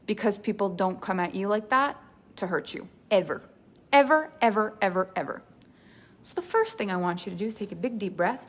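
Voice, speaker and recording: A woman's voice: medium pitch, lively intonation, fairly quick. A woman business coach giving an earnest masterclass talk, repeating key points for emphasis.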